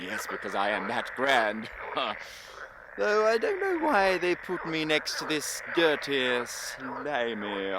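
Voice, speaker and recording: An actor playing a boastful, self-important firework rocket in an audio drama, with a pompous, theatrical manner. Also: male voice, mid-range voice, background noise. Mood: self-satisfied.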